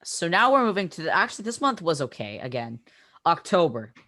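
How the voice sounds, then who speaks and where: A man's voice: on the high side, sing-song, fairly quick, bright, forceful tone, dry recording, studio quality. Teen boy host, casual fillers. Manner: leads the talk, many fillers. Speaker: podcast host. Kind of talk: casual chat.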